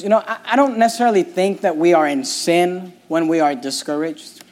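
High-voiced impassioned male preacher. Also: lively intonation, moderate pace. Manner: impassioned preaching, swings from quiet to loud. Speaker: pastor. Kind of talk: sermon.

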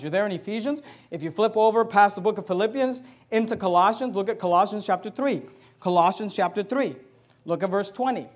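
A middle-aged man preaching a sermon, repeating scripture references and swinging from quiet to loud. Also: high voice. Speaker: pastor.

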